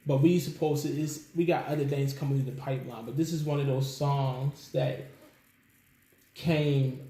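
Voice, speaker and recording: Animated male storyteller, echoey room. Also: mid-range voice, normal speed. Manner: animated, laughs often, acts out quotes. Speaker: musician guest. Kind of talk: casual interview storytelling. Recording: echoey room with faint background noise.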